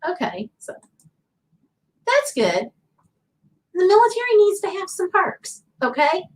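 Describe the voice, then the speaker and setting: A woman's voice: very high-pitched, big pitch swings, unhurried, low-quality recording. Chatty Southern woman livestream host. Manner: chatty, rambling, reads chat comments aloud. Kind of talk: casual livestream chat, reading viewer comments.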